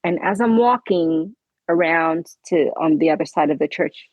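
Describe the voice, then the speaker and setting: Woman guest, husky low voice, halting emotional testimony, dry sound. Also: no room sound, phone-quality sound. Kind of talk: personal testimony interview.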